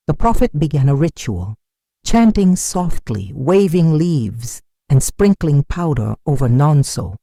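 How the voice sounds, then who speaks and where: Slow, expressive storybook narrator. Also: mid-range voice, vocal fry, no echo, studio quality.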